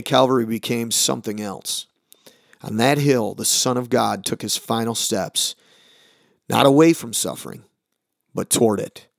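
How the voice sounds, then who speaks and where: Earnest pastor, dry close mic. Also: male voice, no echo. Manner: earnest, dramatic pauses, drops low on key words. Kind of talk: short recorded sermon summary.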